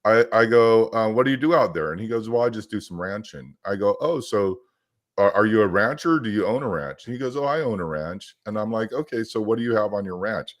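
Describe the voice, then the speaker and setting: Energetic low-voiced man telling a story. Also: fairly quick. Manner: energetic storyteller, acts out quotes. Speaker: podcast co-host. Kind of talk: casual chat.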